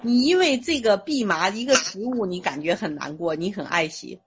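A woman interpreting a sermon phrase by phrase, steady and rephrasing with small fillers. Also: mid-range voice, moderate pace.

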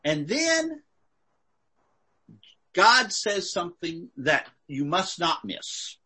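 A male preacher with a husky, bright-edged voice delivers a sermon in short bursts, leaving gaps for an interpreter. He acts out the quotes, leaping high in pitch, and his delivery is lively and full of swings. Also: drawn-out words. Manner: animated, acts out quotes with big pitch jumps.

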